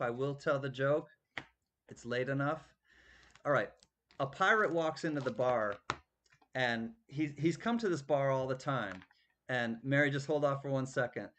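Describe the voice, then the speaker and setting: A man's voice: fairly high pitch, fairly bright tone. Chatty male live auctioneer. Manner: chatty, tells jokes, thanks bidders by name. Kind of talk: live-stream auction patter.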